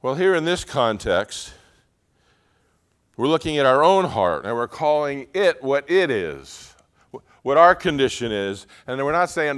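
Casting: middle-aged male pastor, smooth resonant voice, heartfelt sermon delivery. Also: mid-range voice, animated, normal speed. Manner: earnest, swings from quiet confiding to loud emotional pleading.

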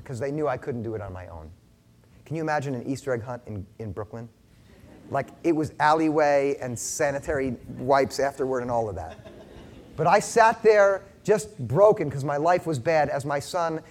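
A middle-aged male pastor giving an earnest sermon, telling a personal story, shifting between loud and hushed. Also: on the high side.

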